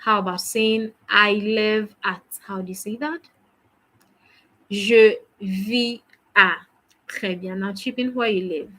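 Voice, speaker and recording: A woman's voice: medium pitch, steady tone, normal speed, bright, forceful tone, poor audio. A woman teaching a French lesson, patiently drilling phrases and praising each answer. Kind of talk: language lesson.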